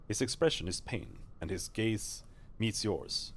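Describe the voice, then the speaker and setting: A male streamer reading a game's narration aloud live, steady with small slips and restarts. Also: fairly low pitch, a little slow, a little hiss or hum.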